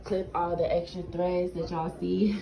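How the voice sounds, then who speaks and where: A woman's voice: on the low side, steady tone, a little slow, gravelly, dark tone, far from the mic, a little hiss or hum, low-quality recording. Bubbly young woman rambling to her viewers. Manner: chatty, bubbly, rambling with lots of fillers. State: scratchy throat. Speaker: fashion vlogger. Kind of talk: casual DIY fashion vlog.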